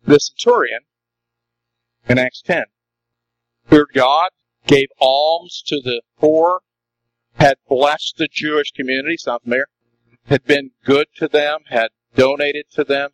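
A man's voice: mid-range voice, no echo, poor audio. A man preaching a sermon as a pastor, emphatic and full of rhetorical questions to the congregation.

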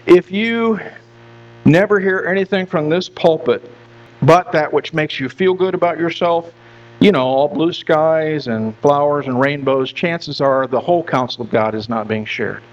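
A male pastor with a high voice preaches in an earnest, searching way, repeating words and restarting phrases as he presses his point. The recording is dull and lo-fi, with a steady mains hum underneath. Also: a little slow. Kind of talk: sermon. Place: church.

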